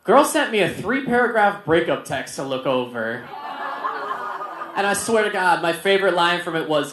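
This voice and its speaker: Animated man doing stand-up in a roomy venue. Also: sits high, moderate pace. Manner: animated, acts out students in raised voices. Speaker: stand-up comedian. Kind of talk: stand-up comedy set. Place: barbecue restaurant stage.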